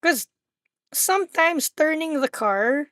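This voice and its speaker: A young woman streaming a driving game, excitable and swearing, laughing and talking to her chat. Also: sits high, slow, no room sound, clean studio sound. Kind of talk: casual live-stream chat while gaming.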